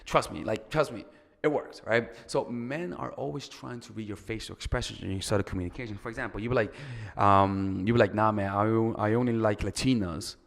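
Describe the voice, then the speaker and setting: A man's voice: on the low side, brisk, vocal fry, fairly bright tone, big-room sound. A man giving casual, crude, rambling dating advice as a coach, with loose fillers and restarts.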